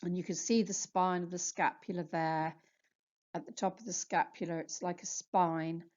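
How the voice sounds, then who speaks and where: Woman, therapist teaching anatomy, patient, lowish voice, dull lo-fi sound. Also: steady tone, a little mellow. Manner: slow, patient, spells out muscle names. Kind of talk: slide lecture.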